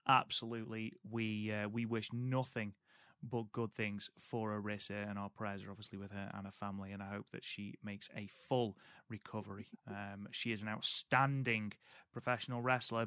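A man co-hosting a casual podcast, telling stories in a chatty, animated way with self-deprecating humor. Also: lowish voice, clean tone, no room sound, studio quality. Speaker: podcast co-host.

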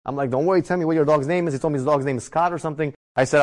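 A man in his thirties telling a personal story with lively, joking delivery, acting out the people in it. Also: a little high, rapid-fire, hardly any pauses. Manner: animated, acts out dialogue, jokes. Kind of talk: personal story told to an audience.

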